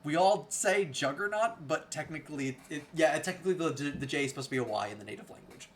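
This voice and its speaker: A man acting as game master of a tabletop game, reading out rules in a relaxed way with many fillers. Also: on the high side, fast, slight background noise.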